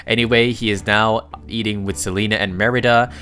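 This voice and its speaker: A man's voice: fairly low pitch, fairly even intonation, brisk, sharp tone. A man narrating a comic recap in a casual, chatty way, with jokey asides and the odd stumble.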